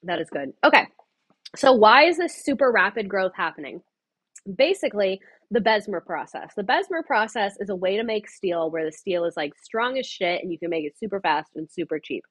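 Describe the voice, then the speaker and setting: A woman's voice: mid-range voice, lively intonation, a little fast, fairly bright tone, no room sound. A young woman streaming a casual history lesson from home, chatty and profane, going off on tangents and talking into wireless earbuds.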